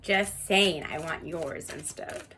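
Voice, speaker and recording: A woman's voice: low-pitched, slow, background noise. A woman in her thirties giving a casual tarot reading at home, chatty and rambling, laughing often and talking to viewers like friends. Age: 30s. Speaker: tarot reader.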